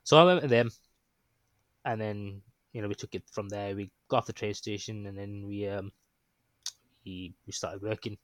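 With a lowish, fairly even voice, this man tells of something he went through as a guest, speaking at a moderate pace with long pauses. He rambles and hesitates, restarting often and saying um a lot, on a dry recording.

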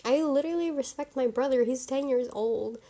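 A woman's voice: high-pitched, a little fast, dark tone. A young woman hosting a solo podcast, talking in a frank, opinionated, casual way with lots of fillers and laughs. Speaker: podcast host.

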